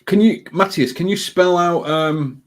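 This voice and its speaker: This high-voiced man is hosting a live football watchalong, talking casually and rambling to his viewers. His speech is full of ums, broken up by quick bursts of excitement at the game.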